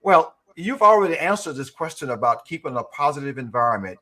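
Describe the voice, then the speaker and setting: A man's voice: mid-range voice, lively intonation, a little fast, sharp tone. A man hosting a leadership talk show, effusive and full of repeated praise and exclamations. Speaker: host. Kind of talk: motivational interview hosting.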